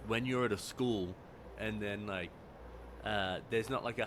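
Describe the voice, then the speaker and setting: A man with an Australian accent, talking as a guest in a casual interview and telling rambling, animated stories. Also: on the low side, unhurried. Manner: animated storyteller, rambling with fillers. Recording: noisy background.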